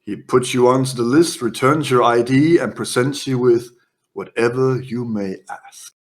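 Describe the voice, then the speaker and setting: A man's voice: mid-range voice, unhurried. Man narrating as game master. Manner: descriptive, playful narration with brief character voices. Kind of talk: narrating a tabletop horror game.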